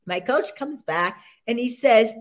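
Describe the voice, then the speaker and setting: An older woman, a senior sprinter, telling her story as an interview guest, animated and laughing often as she talks. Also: on the high side, a little slow.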